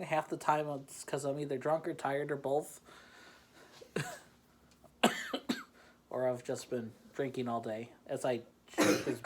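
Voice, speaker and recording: A man hosting a casual beer-tasting chat from home. He rambles, pokes fun at himself and laughs often. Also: medium pitch. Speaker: host. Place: home in the Chicagoland area.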